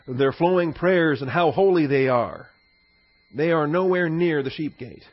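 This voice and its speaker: A middle-aged pastor teaching a sermon in a conversational, digressive way, with anecdotes and chuckles. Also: male voice, a little high, measured pace. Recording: slightly dull lo-fi sermon recording.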